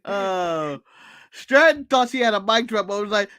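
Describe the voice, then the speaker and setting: Lively, joking American man on a dry mic. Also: high voice, a little slow, smooth, no echo. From United States. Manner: animated, joking, mimics people and laughs at his own bits. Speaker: podcast co-host. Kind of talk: casual wrestling recap chat.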